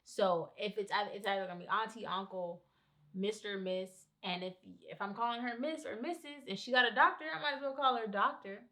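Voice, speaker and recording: A woman's voice: medium pitch, brisk, pushed and bright. A young woman co-hosting a podcast, who explains her points firmly and step by step in casual chat. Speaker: podcast co-host.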